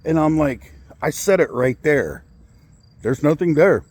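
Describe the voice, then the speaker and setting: Furious, swearing man with a husky voice. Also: a little high, lively intonation, unhurried, a little mellow. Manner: furious, profane, rambling with many fillers. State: upset, shaky with anger. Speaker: vlogger. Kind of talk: angry personal storytelling. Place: in a car.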